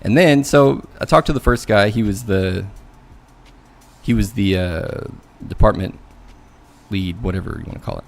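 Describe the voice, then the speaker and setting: A man's voice: on the low side, normal speed, creaky. A man venting casually about a bad job interview, swearing and mocking people as he talks. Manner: venting, mocking voices in quotes, swears, loose and conversational. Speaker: coding learnalong streamer. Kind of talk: casual rant.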